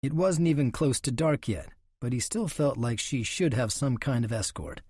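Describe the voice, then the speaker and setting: Guy reading a western novel, husky voice, dry close mic, calm pace. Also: mid-range voice, normal speed, no echo. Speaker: audiobook narrator. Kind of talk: scripted western narration.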